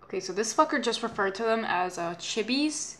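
A woman's voice: fairly high pitch, expressive, brisk, a bit bright. A young woman reacting to a children's show, swearing and exasperated, with sarcastic commentary. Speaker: reaction video host.

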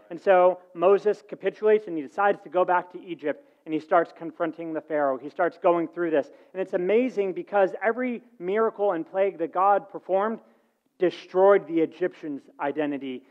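A man preaching with a slightly high voice, acting out the story's dialogue as he goes and swinging between quiet asides and loud lines. The recording sounds dull and lo-fi. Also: brisk. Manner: animated storytelling, acting out dialogue with shifts in volume. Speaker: pastor. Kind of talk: sermon.

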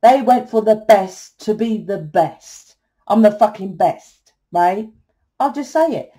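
A woman's voice: mid-range voice, lively intonation, takes it slowly, warm tone. A middle-aged woman, giving a blunt, salesy tarot reading and swearing freely. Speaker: tarot reader and spiritual coach. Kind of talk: casual tarot reading monologue.

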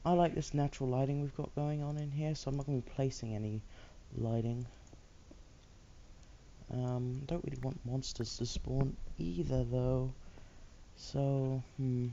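A man's voice: medium pitch, flat delivery, a little slow, dark tone, muffled recording, a little hiss or hum. A man hosting a let's play, chatting casually and muttering to himself while he builds. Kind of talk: casual gameplay commentary.

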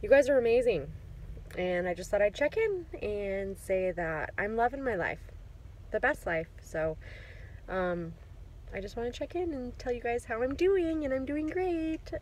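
A woman's voice: a little high, expressive, a little slow, a little mellow, slight background noise, rough recording. A woman recording a casual video diary, gushing with gratitude, close to tears and laughing between words. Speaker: client giving a testimonial.

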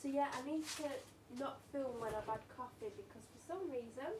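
A woman's voice: high-pitched, brisk, background noise. A woman with a British accent, chatting and rambling on in a hyper way in a home vlog from her kitchen. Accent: British English. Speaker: vlogger.

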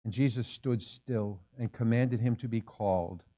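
A man's voice: on the low side, moderate pace, dark tone. Man preaching with rhetorical questions. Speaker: pastor. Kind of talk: sermon. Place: church sanctuary.

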